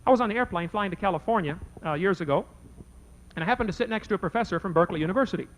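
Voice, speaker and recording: Rapid-fire and lively in intonation, this man's high voice comes through a low-quality recording. In front of a live audience during a debate, he spins a folksy story, voicing both people in the exchange.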